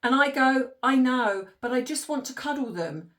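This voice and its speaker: A woman's voice: sits high, lively intonation, normal speed, fairly bright tone. A woman, likely in her forties, hosting an opinionated commentary monologue, exasperated and ranty, often laughing in disbelief. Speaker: commentary channel host.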